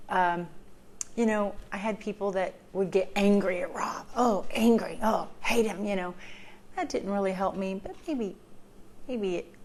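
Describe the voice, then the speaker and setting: A woman's voice: mid-range voice, measured pace, a little mellow. A woman in a heartfelt personal talk, sharing advice in an earnest, emotional way, with many ums and repeated phrases for emphasis. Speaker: vlogger sharing recovery advice.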